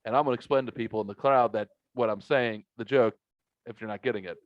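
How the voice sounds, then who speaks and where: Speaking fast in a mid-range voice, this man hosts a podcast from his man cave at home, chatting and storytelling casually. He's animated and profane, laughing at his own stories, and the dry, slightly muffled recording has no room sound.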